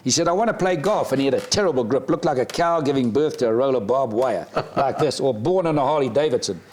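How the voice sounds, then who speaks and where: An older man from South Africa, a retired golfer, telling animated anecdotes in an interview and acting out other people's lines. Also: medium pitch, fast talker. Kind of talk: storytelling interview. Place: farm.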